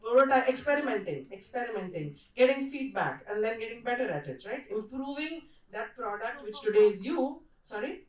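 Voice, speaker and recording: A woman's voice: on the high side, lively intonation, normal speed, hardly any pauses, darkish tone. A woman facilitating a workshop, checking in with the audience and handing over to the next speaker. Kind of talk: interactive workshop talk. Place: conference hall. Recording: echoey hall, voice from far off mic.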